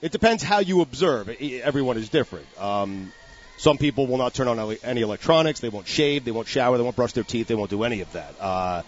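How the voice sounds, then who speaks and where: A man's voice: mid-range voice, fast, muffled recording. A man in his forties hosting a sports radio show, chatting casually and telling stories with lots of restarts. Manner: animated storyteller with frequent restarts.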